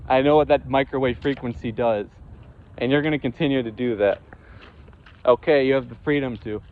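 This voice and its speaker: Male vlogger, heated profane rant, stumbling restarts, mid pitch, muffled recording. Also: brisk, clean tone. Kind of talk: angry monologue to camera.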